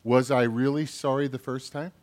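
A man's voice: medium pitch, fairly even intonation, moderate pace, a little mellow. A man giving a children's sermon as pastor, in a playful way, asking the children questions.

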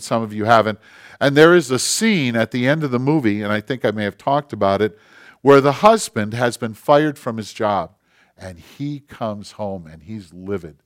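A man's voice: medium pitch, animated, normal speed. Passionate male pastor preaching. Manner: passionate, swinging between loud emphasis and quiet intensity. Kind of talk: sermon.

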